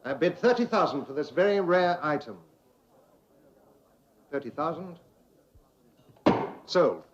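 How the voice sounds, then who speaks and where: An actor playing an auctioneer, calling bids in a measured, formal, steady manner. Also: male voice, on the high side. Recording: dull 1970s TV sound with music.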